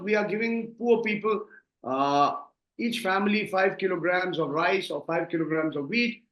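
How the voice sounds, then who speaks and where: Emphatic man with an Indian English accent, echoey room. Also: high-pitched. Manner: emphatic, repeats words when starting. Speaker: political analyst guest. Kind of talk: impassioned interview commentary.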